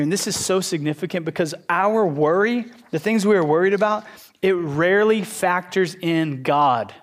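A man teaching a sermon, retelling a scripture passage in an animated, conversational way. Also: high-pitched, moderate pace. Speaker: Bible teacher.

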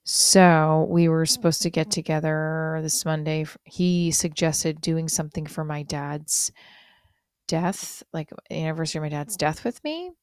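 A middle-aged woman hosting a podcast, talking through a confessional monologue in a rambling, halting way, sounding hurt and low. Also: clear, resonant tone, dry recording, clean studio sound. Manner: rambling, halting, many fillers and restarts. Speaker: podcast host.

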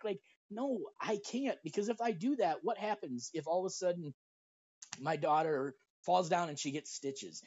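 A middle-aged father co-hosting a casual podcast, talking in an animated way and acting out his anecdotes. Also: high-pitched, normal speed, dry recording. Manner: animated storyteller, puts on voices in his anecdotes. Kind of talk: casual conversation. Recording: dry, dull lo-fi audio.

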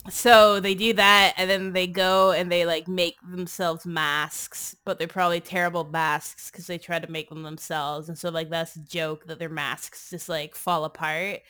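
A woman's voice: fairly low pitch, level tone, moderate pace, few pauses, pushed and bright, smooth. A woman casually recapping a movie on a comedy podcast, rambling and sarcastic, swearing often and saying "like" constantly. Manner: rambling, sarcastic, crude, heavy use of "like". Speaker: podcast co-host.

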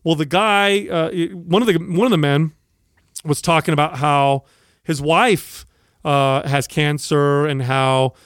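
A man's voice: a little high, fairly even intonation, measured pace, smooth, no room sound, studio quality. A man co-hosting a podcast, telling a story in casual chat and acting out the people he quotes. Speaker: podcast co-host.

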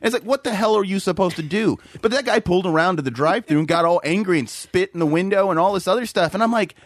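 A man's voice: sits high, lively intonation, quick pace, no echo, clean studio sound. A man co-hosting a podcast, telling exasperated, profane stories about rude customers in casual chat. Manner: profane, exasperated storytelling with laughs. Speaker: podcast co-host.

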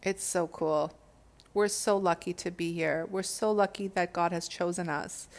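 A woman's voice: on the low side, steady tone, a little slow. Woman, spiritual monologue, swears freely, exhortative, casual. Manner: profane, exhortative, laughs at own words. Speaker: spiritual speaker.

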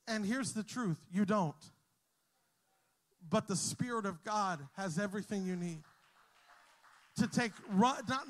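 A man who is a pastor, preaching a sermon to his congregation, telling a story with humor and rising to shouts. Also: sits high. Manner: storytelling, jokes with the crowd, builds to shouting. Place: church hall with a congregation.

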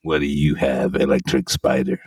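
A man's voice: a bass voice, flat delivery, normal speed, darkish tone, breathy edge, no echo, far from the mic. A man hosting a metal podcast, reading enthusiastic album reviews and chatting with profane emphasis. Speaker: podcast host. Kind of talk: casual podcast chat with read reviews.

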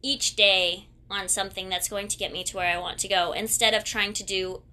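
A woman's voice: mid-range voice, level tone, fairly quick, bright, forceful tone. A woman in her twenties telling a personal story in a rambling, candid way, often correcting herself as she goes. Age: 20s.

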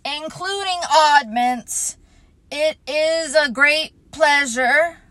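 A woman's voice: sits high, very slow, sharp tone, no room sound, voice pushed up, full character voice. A woman voicing a gloomy, self-pitying old male donkey who makes a pompous, mournful speech.

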